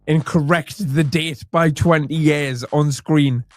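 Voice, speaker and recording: A man's voice: a little high, fairly even intonation, slow pace. A man hosting comedic reaction commentary, chatty with wry asides. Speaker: commentary host.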